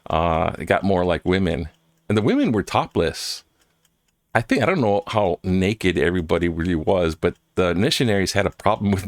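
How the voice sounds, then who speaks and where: A man from Hawaii chatting casually on his own, reacting to the news with laughs and asides. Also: no echo. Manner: rambling, laughs often, jumps in pitch for exclamations. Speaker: host reading and reacting to news. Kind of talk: casual solo chat.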